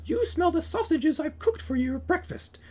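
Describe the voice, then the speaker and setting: A man voicing a stern giant woman in a storybook read-aloud, in a high falsetto with a scolding, bossy manner. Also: expressive, normal speed. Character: stern giant woman, housewife guarding her kitchen.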